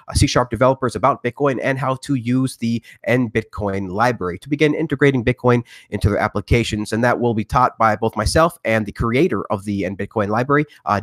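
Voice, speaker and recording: A man's voice: medium pitch, no room sound. A man hosting a podcast in a rambling, upbeat way, full of "uh" and restarts. His voice sits in an ordinary middle register. The recording is dry and close, with no room sound. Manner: rambling, filler-heavy, upbeat. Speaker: podcast host. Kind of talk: casual show intro and interview.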